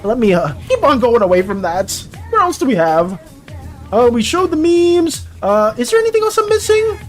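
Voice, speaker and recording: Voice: medium pitch, very animated, normal speed, soft background music. An art streamer chatting casually with viewers during a live stream, full of playful mock outrage and chatty filler.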